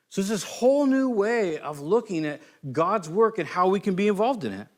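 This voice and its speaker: His voice sits high and moves at a moderate pace with few pauses as this California pastor preaches. The sermon is conversational, full of animated stories where he performs the quoted lines.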